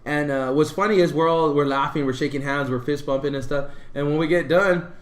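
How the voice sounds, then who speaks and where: A man spinning a long story in a relaxed podcast chat, his voice sitting a little high for a man. He acts out the people in his stories with big, lively jumps in his voice. The room is echoey. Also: fairly quick. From Puerto Rico. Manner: animated storyteller, acts out quoted people loudly. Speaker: podcast co-host.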